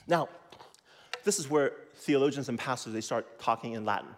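A man preaching a sermon as a pastor, teaching in an animated way and leading the listeners to repeat after him. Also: medium pitch, moderate pace, big-room sound. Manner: animated, teaching with call-and-response.

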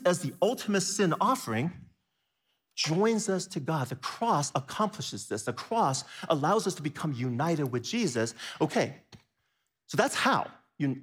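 Animated man preaching, husky voice. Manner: animated, swings from low and quiet to high and excited; asks the audience questions, repeats phrases. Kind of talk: sermon.

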